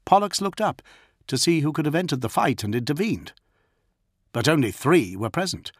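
A man giving scripted audiobook narration in a measured, dramatic storytelling manner. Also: fairly high pitch, sing-song, slightly rough, no room sound, studio quality.

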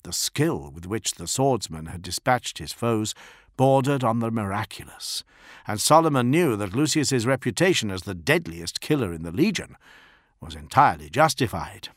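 Deep-voiced man narrating an audiobook. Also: animated, moderate pace, no room sound, studio quality. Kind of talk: dramatic scripted narration.

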